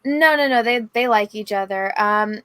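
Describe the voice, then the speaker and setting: Woman podcast co-host, bright forceful tone, animated storyteller. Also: medium pitch, normal speed, clean tone, dry recording. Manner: animated storytelling with excited quoted asides. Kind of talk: casual chat.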